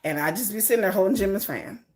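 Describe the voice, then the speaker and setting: A woman's voice: mid-range voice, expressive, quick pace. A woman chatting casually as a vlogger, laughing often and acting out little scenes in playful voices. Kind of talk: casual chat.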